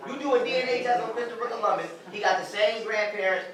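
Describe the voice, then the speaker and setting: His voice sits high and a bit bright, and he talks fast as he lectures a small street group informally. Expect profanity, bluntness, heavy emphasis, and frequent laughter at his own humor, all caught from afar in an echoey spot with the crowd audible.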